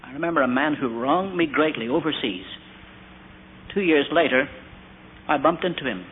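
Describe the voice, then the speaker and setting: A man's voice: fairly high pitch, a little hiss or hum. A man preaching a sermon, telling stories and asking rhetorical questions. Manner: storytelling with quoted asides and rhetorical questions. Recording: tinny phone-like old recording.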